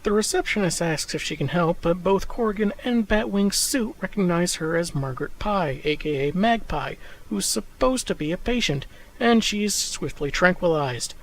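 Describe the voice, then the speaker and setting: A man's voice: high voice, expressive, normal speed, slight background noise, low-quality recording. A man recapping comic book issues in scripted narration, with dry, sarcastic asides.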